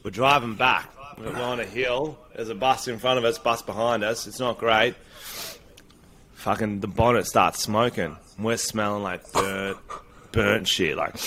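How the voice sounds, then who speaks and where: A man with an Australian accent, co-hosting a podcast in a joking, animated way, swearing freely and laughing often. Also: fairly low pitch, unhurried, a little hiss or hum. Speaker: podcast co-host. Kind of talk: casual chat.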